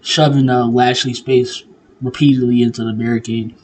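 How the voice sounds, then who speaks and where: A man's voice: medium pitch, moderate pace, slight background noise, low-quality recording. Laughing, swearing man recapping wrestling. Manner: animated, laughing often, profane, many fillers. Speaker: wrestling commentator vlogger.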